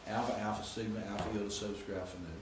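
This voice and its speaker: A man's voice: on the low side, steady tone, very fast, reverberant, noisy background. A man teaching Greek grammar in a classroom lecture, explaining and reciting word forms.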